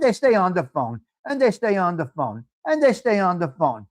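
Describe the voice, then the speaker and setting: A man's voice: high voice, big pitch swings, fairly quick, few pauses. New man, live-stream host, blunt and crude, chats casually with viewers. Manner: blunt, crude, laughing, talks straight to chat viewers.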